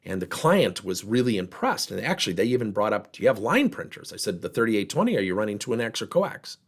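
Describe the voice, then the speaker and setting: A workplace trainer and speaker with a fairly low voice talks quickly in a motivational workshop. He's an animated storyteller, acting out the people in his stories and voicing their dialogue.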